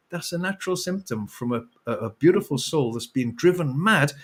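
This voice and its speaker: This is a middle-aged man whose voice swoops high and low as he gets carried away in a rant. He talks as an interview guest, slightly high for a man, with swearing, laughter and big emphatic jumps. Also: brisk, few pauses, breathy edge. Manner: animated ranting with swearing and laughs. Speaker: author guest. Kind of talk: impassioned interview talk.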